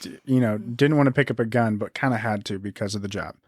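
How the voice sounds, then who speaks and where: A man's voice: lowish voice, fast talker, no room sound, studio quality. A man co-hosting a podcast, chatting about a book in a laid-back way with joking asides. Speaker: podcast co-host. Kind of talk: casual book discussion.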